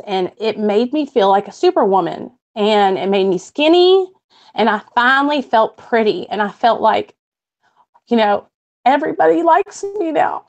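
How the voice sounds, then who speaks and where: A woman guest recounting her own hard past, emotional and halting. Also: fairly high pitch, darkish tone, muffled recording. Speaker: guest sharing her story. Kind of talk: personal testimony on a stream.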